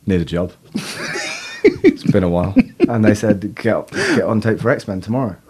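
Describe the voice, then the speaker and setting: A man's voice: lowish voice, lively intonation, moderate pace, a little mellow, breathy edge. A man, an actor, telling stories in a casual interview, laughing often at himself. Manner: laughs often, self-deprecating. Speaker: actor guest.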